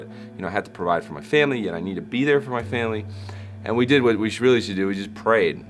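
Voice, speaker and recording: Low-voiced man telling a personal story. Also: fast, over music. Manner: animated storyteller, acts out quoted voices. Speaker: Christian hip hop artist. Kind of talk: storytelling interview. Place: backstage at a concert.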